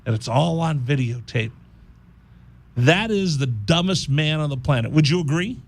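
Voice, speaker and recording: This man's voice sits fairly high and moves at a normal speed. He hosts a college radio talk show, spinning an animated, jokey story and slipping into mock voices as he goes, all in casual on-air banter.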